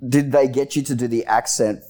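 A man's voice: medium pitch, fairly even intonation, a little fast, mellow. A man co-hosting a casual podcast, teasing his friend and pushing with eager questions. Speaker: podcast co-host. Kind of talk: casual chat.

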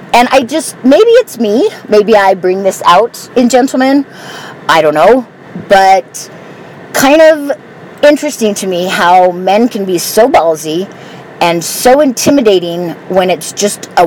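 Woman, casual driving monologue, blunt and profane, loud car noise behind. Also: mid-range voice, animated, a little slow, poor audio. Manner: candid, profane storytelling. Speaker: vlogger. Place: inside a car on the road.

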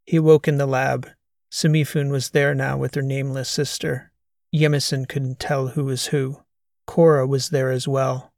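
A man narrating a science fiction audiobook in a measured, even way. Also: mid-range voice, vocal fry, dry recording, clean studio sound. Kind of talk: scripted narration.

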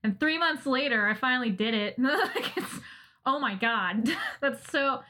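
An American woman in casual podcast chat, animated and laughing as she mock-rants about baking. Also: high-pitched, unhurried. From United States. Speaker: podcast co-host, interviewee.

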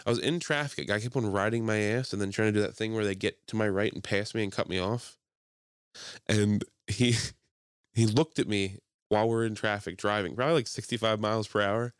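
A young man co-hosting a podcast, telling stories in a profane, animated way and putting on mocking voices. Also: lowish voice, fairly quick, clean tone, no room sound, studio quality. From Philadelphia area. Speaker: podcast co-host. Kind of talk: casual chat.

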